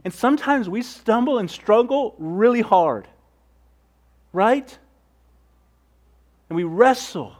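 A man preaching a sermon, earnest, moving between fervent prayerful passages and hushed, soft teaching. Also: high voice, lively intonation, slow pace, long pauses. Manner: earnest, swings from loud fervor to hushed softness. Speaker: pastor.

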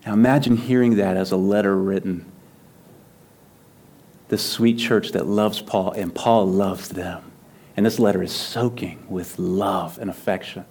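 A male pastor preaching a sermon, swinging from loud emphatic lines to near-whispers and repeating phrases for emphasis. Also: on the low side, steady tone, measured pace, breathy edge.

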